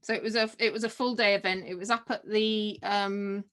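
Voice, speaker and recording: Speaking fairly quickly in a mid-range voice, a mother who is a guest on a podcast shares a personal story casually. She is an adult with kids, and she's animated, performing the dialogue she remembers.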